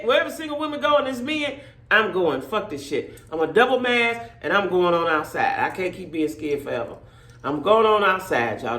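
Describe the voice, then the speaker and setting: A middle-aged woman, telling stories to her viewers in a blunt, profane, animated way. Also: medium pitch, reverberant. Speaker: vlogger. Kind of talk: casual storytelling rant to viewers.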